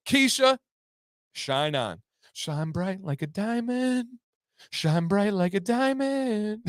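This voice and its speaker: A man hosting a casual livestream, reading viewer comments in an upbeat, excitable way with sudden loud whoops. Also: high-pitched, clean tone, no room sound, studio quality. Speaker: livestream host.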